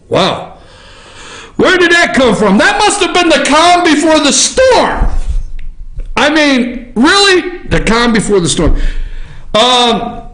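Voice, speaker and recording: This political commentary host rants from his office in a blunt, emphatic style, cursing without restraint as he delivers opinionated news takes. He has a high, slightly bright voice. The recording is rough, with a roomy sound.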